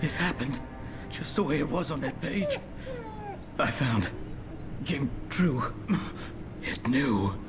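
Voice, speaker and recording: An actor voicing a wounded, frightened middle-aged park ranger in a video game, speaking in gasping, broken fragments. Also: male voice, medium pitch, sing-song, takes it slowly, pauses often, over music. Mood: terrified. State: injured, coughing.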